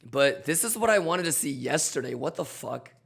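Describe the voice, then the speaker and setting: A hoarse man with a slightly high, gravelly voice runs his trading livestream. He is swaggering and profane, shouting chants and hype at his chat. Even when he drops his voice it stays rough and worn out. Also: moderate pace. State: hoarse, voice almost gone. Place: home.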